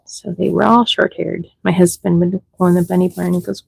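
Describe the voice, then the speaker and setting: A woman's voice: on the low side, fairly even intonation, moderate pace, creaky, few pauses, darkish tone, husky, dry recording, low-quality recording. A middle-aged woman breeding rabbits, chatting casually on a livestream and talking sweetly to the baby bunnies.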